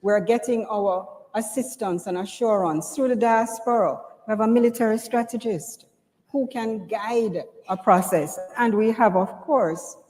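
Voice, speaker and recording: Woman moderator at a podium; mellow, lowish voice with long hall reverb. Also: slight background noise. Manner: rhetorical, measured. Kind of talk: conference moderating and speech. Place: conference hall.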